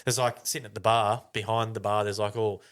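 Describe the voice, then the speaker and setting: Casting: male podcast co-host, lowish voice, loose sweary storyteller. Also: little pitch movement, a little fast, a bit bright. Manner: swears a lot, acts out voices in anecdotes. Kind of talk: casual storytelling chat.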